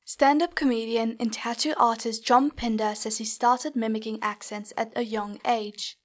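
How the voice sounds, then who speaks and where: A woman reporter reading scripted narration in a measured, even way. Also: on the high side. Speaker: radio reporter.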